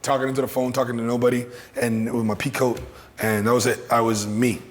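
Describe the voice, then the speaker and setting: A man with a deep, raspy voice, an actor and comedian talking in a relaxed, reflective way in an interview. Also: brisk, in a large hall.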